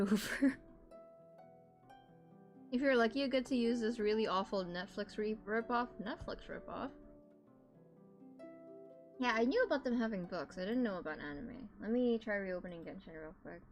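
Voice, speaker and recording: A young adult woman streaming a game, chatting casually and animatedly with her viewers at a desk microphone. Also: medium pitch. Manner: chatty and animated, talks to her chat, exclaims often. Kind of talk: casual gaming livestream chat.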